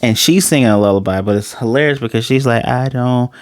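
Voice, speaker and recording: Young man, anime reviewer, casual slangy recap, swears, mid-pitched voice, dry close recording. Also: fast talker, no echo. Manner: loose, joking, slangy, swears freely.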